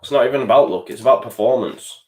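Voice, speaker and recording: A man's voice: medium pitch, fast talker, a little mellow, roomy sound. A young man, hosting a live football watchalong, frustrated and swearing as he reacts to the match and reads out viewer chat. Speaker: fan channel host.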